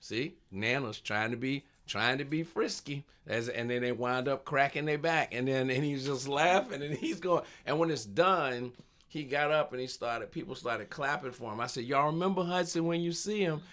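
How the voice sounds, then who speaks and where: A man's voice: mid-range voice, normal speed. A man who is a comedian, telling stage stories in casual chat, acting out the voices of the people in them and laughing often. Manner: animated storyteller, acts out voices, laughs often.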